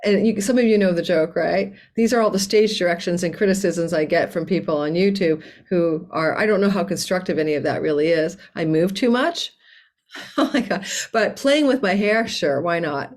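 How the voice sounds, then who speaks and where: A woman with a slightly low voice hosts her own astrology channel and talks through the forecast in a loose, chatty way. She is candid and expressive and laughs easily. She records at home on a desk mic tucked under a tablecloth. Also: a little fast. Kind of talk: casual astrology forecast monologue.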